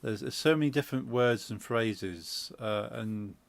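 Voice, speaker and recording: A man with a Midlands accent explains things in a loose, rambling way, stopping and restarting as he goes. His voice has a gravelly edge. The recording is dry and close. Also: mid-range voice, unhurried, no room sound. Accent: English Midlands. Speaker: streamer host. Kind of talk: casual chat while gaming.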